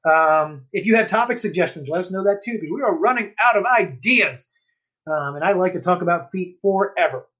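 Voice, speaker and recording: A man's voice: high-pitched, lively intonation, brisk, fairly bright tone. A man co-hosting a podcast in casual chat, joking and rambling loosely with lots of fillers and swearing. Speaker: podcast co-host. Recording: dull lo-fi podcast audio.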